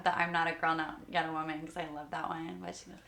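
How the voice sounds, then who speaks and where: A woman's voice: low-pitched, level tone, sharp tone, reverberant. A young woman, a guest singer, chatting casually on a podcast, with lots of "like" fillers. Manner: chatty, many "like" fillers, quick laughs.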